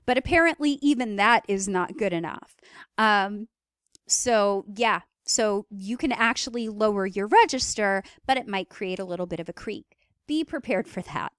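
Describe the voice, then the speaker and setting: A young woman lecturing in a relaxed, explanatory way, pausing on fillers as she walks through each point. Her voice sits a bit high and sounds smooth and resonant. The recording is dry and close. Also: dry recording. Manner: explanatory, with casual fillers and live voice demonstrations. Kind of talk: recorded lecture on speech perception.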